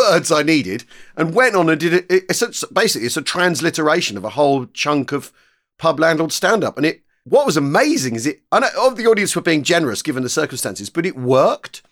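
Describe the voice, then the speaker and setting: A man co-hosting a podcast, chatty and lively, often repeating quick agreements. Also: a little high. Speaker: co-host. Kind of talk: casual podcast chat.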